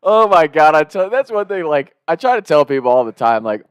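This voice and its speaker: A young man telling a party story in a casual, animated way, swearing and laughing often. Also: a little high, fairly quick, clean tone, dry recording.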